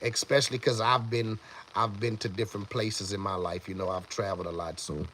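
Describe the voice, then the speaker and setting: A man's voice: on the low side, fairly even intonation, a little fast, a bit bright, slight background noise. Rambling man chatting on a live stream. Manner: rambling, with many restarts and repeated words; greets chat viewers by name. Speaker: livestream host. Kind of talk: casual live-stream chat with viewers.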